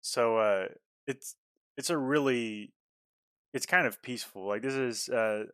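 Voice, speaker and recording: Smooth-voiced man as game master. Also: medium pitch, a bit bright, dry recording. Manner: halting, full of fillers and restarts. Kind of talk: narrating a tabletop game.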